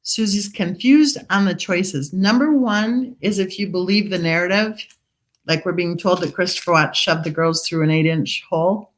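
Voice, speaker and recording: A woman's voice: fairly low pitch, moderate pace. A woman hosting a casual true crime livestream, reading viewer comments aloud and questioning the story, talking while she eats. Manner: skeptical, questioning. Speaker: true crime channel host.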